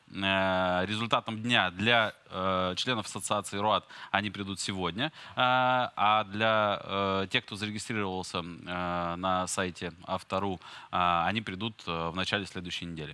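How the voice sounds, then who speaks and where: A man's voice: lowish voice, sharp tone, no echo. A man hosting a conference stream, making announcements and hesitating often with filler sounds. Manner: hesitant, many filler sounds between phrases. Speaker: conference host.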